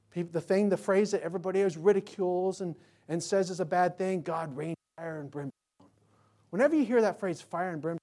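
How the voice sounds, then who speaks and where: Male pastor, sermon, emphatic, rhetorical questions, loud then hushed. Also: on the high side. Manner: animated, swinging from loud to quiet.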